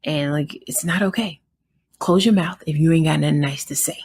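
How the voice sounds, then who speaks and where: Low gravelly Southern American woman. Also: normal speed, a little mellow. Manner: conversational, frequent fillers, indignant storytelling. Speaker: podcast host. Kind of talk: casual storytelling monologue.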